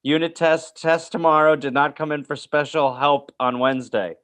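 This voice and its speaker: A man with a somewhat higher voice hosts a casual podcast. He tells loose, rambling, jokey stories and reads out old report cards. He speaks close into a podcast mic. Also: fairly even intonation, moderate pace, a bit bright. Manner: rambling, jokey, reads aloud and acts out quotes. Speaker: podcast host. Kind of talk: casual storytelling chat.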